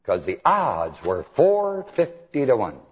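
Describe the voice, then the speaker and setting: Husky preacher in an echoey hall. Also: male voice, mid-range voice, takes it slowly. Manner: animated storytelling, chuckles, mimics chants. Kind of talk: sermon. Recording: dull old hall recording.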